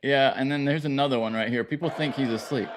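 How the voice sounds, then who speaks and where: A man's voice: mid-range voice, quick pace. A man co-hosting a casual comedy podcast, easygoing and often trailing off mid-sentence. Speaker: podcast co-host.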